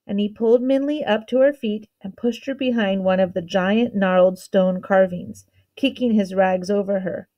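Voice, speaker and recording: A woman teacher reading a children's novel aloud with steady, expressive storytelling. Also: mid-range voice, moderate pace, few pauses, muffled recording.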